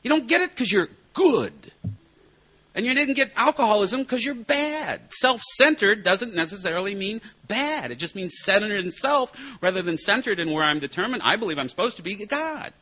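A man's voice: high-pitched, animated, moderate pace, bright, forceful tone, husky. A middle-aged man telling a recovery group about his own drinking, sponsor-style, with a wry, self-mocking humor and punchlines. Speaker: recovery meeting speaker and sponsor. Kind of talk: personal recovery talk to a group.

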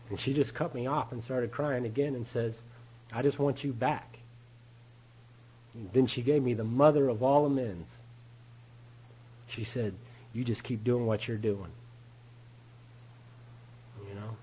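A man's voice: mid-range voice, darkish tone, husky, rough recording. A man speaking at a recovery meeting, giving a candid personal testimony, storytelling and chuckling often.

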